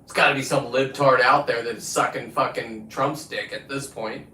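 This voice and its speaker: A man's voice: medium pitch, fairly even intonation, moderate pace, sharp tone, slight background noise. A man hosting his own livestream, ranting in a profane, combative, preachy way into a phone. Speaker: livestream host. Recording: echoey room, distant from the mic.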